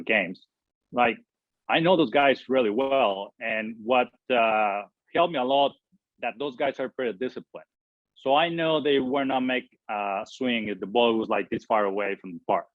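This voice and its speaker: A man from Mexico who speaks English, telling stories as an interview guest in halting sentences full of fillers and restarts. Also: mid-range voice, no room sound. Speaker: former baseball pitcher, guest. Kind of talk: storytelling interview answers. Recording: tinny dry phone-like line.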